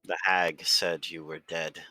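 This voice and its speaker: A man runs a tabletop game as dungeon master, talking casually and bluntly. His voice is very deep with a bright, forceful edge. The sound is dry and close. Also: level tone, takes it slowly, no echo.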